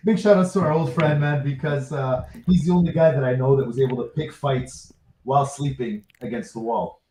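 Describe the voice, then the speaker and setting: A man's voice: medium pitch, brisk, warm tone, reverberant, slight background noise, low-quality recording. A man co-hosting a podcast, chatting casually, teasing his friend and addressing listeners. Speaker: podcast co-host. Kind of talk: casual chat.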